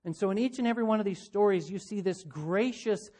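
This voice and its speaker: A man delivers a sermon in a high, light voice. He preaches earnestly, asking his listeners rhetorical questions and slipping into the voices of imagined people. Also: quick pace, a little mellow. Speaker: pastor.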